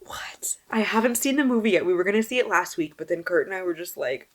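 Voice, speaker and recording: A young woman talking casually to camera about the books she finished this month. Her voice is slightly low and very expressive, dropping to near-mumbles and then jumping up in loud, profane exclaims. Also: quick pace. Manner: animated, swearing, swings from mumbling to loud exclaims. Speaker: book vlogger. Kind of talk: casual book wrap-up chat.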